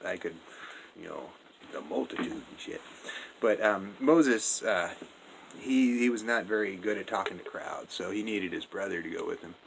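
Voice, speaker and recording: A man's voice: low voice, normal speed, creaky, a little hiss or hum, low-quality recording. Sex: man. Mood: rambling. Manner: rambling, slangy, full of fillers and swearing. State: drunk. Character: drunk rambling male Jesus, laid-back slacker. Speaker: narrator. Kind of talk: comedic monologue retelling a story.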